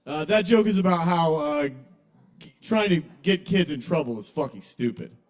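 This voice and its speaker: A man's voice: fairly high pitch, expressive, moderate pace. Young man doing confessional stand-up. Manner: confessional, with sudden loud outbursts in acted quotes. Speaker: stand-up comedian at an open mic. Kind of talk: casual stand-up comedy. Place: kava bar open mic.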